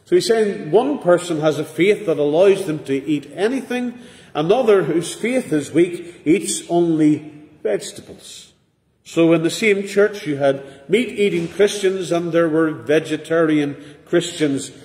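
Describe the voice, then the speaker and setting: Preacher in echoey church. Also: male voice, a little high, darkish tone. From Northern Ireland. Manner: measured, earnest preaching with pauses. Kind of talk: sermon. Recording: echoey hall with long reverb.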